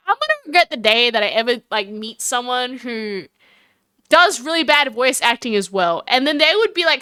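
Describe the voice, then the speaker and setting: A woman's voice: on the high side, sharp tone, clear, resonant tone, no room sound, clean studio sound. A woman streamer chatting casually and rambling with self-mocking asides while playing a game.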